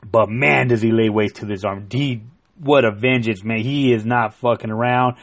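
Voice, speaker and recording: Excitable man recapping a comic. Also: medium pitch, moderate pace. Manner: excitable, profane, full of fillers and restarts. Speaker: comic book reviewer. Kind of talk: casual plot recap.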